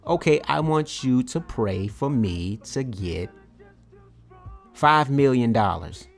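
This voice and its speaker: A man's voice: mid-range voice, expressive, slow pace, creaky. A brash, pushy young man mocking the person he has called, as a storyteller quotes him. He sounds close to an ordinary, everyday voice. Faint music plays underneath. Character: brash young man prank-calling a prayer line.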